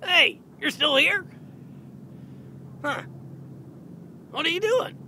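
A woman voicing a goofy, excitable male pig who chats in a silly way outdoors. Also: extremely high pitch, slow pace, slight background noise, voice pushed up, full character voice. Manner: silly, chatty, bursts of shouting and giggles. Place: outdoors in the cold.

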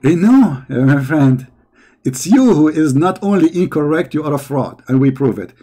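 A man with a somewhat high, dark-toned voice reacts to a video, mocking it and arguing back sarcastically, often repeating words heatedly. His pitch swings widely while his pace stays moderate.

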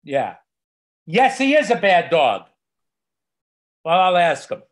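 Man doing a loud older comic scolding a dog, pitched way up, mock-stern phone call bit. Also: very animated, measured pace, exaggerated voice. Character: older comedian scolding his dog, then role-playing a phone call.

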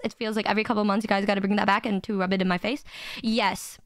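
A woman's voice: medium pitch, flat delivery, quick pace, dry recording, studio quality. A woman streamer in casual chat with her viewers, rambling and playfully crude, often stammering and repeating words.

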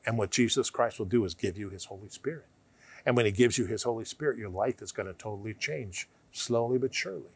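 A man giving emphatic televised Bible teaching, asking rhetorical questions and sometimes dropping to a hushed tone. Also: on the low side, fast talker, husky.

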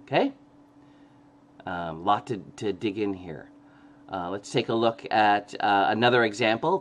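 Male lecturer, lowish voice, walks through diagrams step by step, frequent "okay?" check-ins. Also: unhurried, pauses often, a little hiss or hum. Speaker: grammar lecturer. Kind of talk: recorded classroom lecture.

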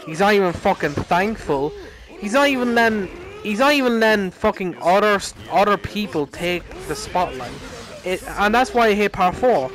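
Young man, casual sweary rant, rambling, slightly high voice. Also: animated, normal speed, a bit bright, poor audio. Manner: heated, sweary, rambling with many restarts. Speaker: anime fan ranting.

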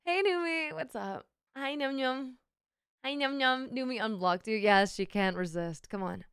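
A woman's voice: high-pitched, unhurried, a bit bright, clear, resonant tone, no room sound, clean studio sound. A young woman streamer with a sick, sore throat, chatting playfully with her viewers and swearing freely. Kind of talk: casual live-stream chat with viewers.

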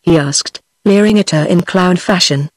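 Computer british lady voice reading a kids fairy tale, flat and steady, totally dry sound. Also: lowish voice, moderate pace, no room sound. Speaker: narrator. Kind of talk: text-to-speech audiobook narration.

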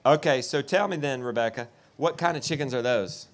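A man's voice: medium pitch, a little fast. Man, festival speaker, folksy and joking, works the crowd. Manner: joking, folksy storyteller who talks to the crowd. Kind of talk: live talk to an audience. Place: festival tent.

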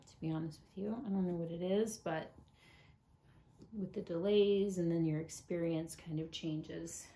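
A woman chatting casually to camera about her collection, often dropping into soft whispers. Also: fairly low pitch, gravelly, slight background noise. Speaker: doll collector vlogger.

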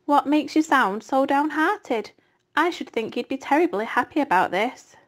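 A woman voicing a young male pig who is eager and innocent, in a high, wondering voice. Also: animated, normal speed. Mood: earnest.

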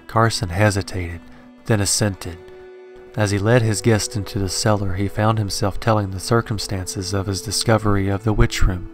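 A man narrating a horror story in a measured, steady scripted reading. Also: fairly low pitch. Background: faint horror background music.

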